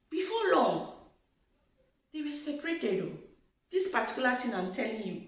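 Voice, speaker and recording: A high-voiced woman tells her marriage story in a lively, sing-song way, laughing as she goes. She sounds chatty and warm to her listeners. Her voice rings out in a very echoey room. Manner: animated, chatty storyteller who laughs often. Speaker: marriage advice speaker. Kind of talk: storytelling advice talk.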